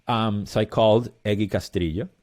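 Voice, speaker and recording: A man's voice: lowish voice, fairly quick, darkish tone. A man in his thirties, a musician guest, telling a long rambling story in an interview with lots of fillers.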